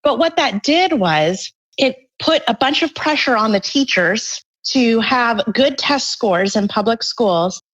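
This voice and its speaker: A woman's voice: fairly high pitch, expressive, a little slow, few pauses, fairly bright tone, highs cut off. A woman author being interviewed, explaining her points earnestly in a conversational way. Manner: earnest, explanatory, acts out parents' voices briefly. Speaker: guest author.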